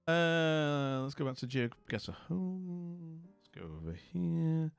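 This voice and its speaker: A man's voice: a little high, lively intonation, takes it slowly, vocal fry, clear, resonant tone, dry recording, faint music behind. A middle-aged man with a Scottish accent hosting a livestream, chatting casually, telling a story and reading chat aloud. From Scotland. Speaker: livestream host.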